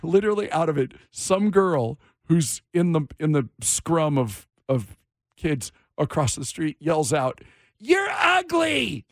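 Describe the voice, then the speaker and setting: A middle-aged morning radio host with a fairly high voice tells a story at an unhurried pace, animatedly acting out quotes, and runs a caller survey amid casual banter. The studio-quality recording has no echo.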